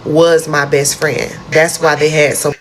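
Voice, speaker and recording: A woman narrating a personal storytime, animated and dramatic, acting out the quoted outbursts. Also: deep voice, a little slow, a little hiss or hum.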